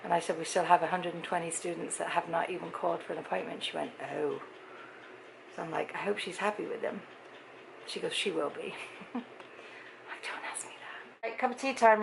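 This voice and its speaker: A middle-aged British woman with a fairly low, gravelly voice vlogs casually to camera, sounding tired as she tells stories and acts out both sides of each conversation. The audio is poor, with slight background noise.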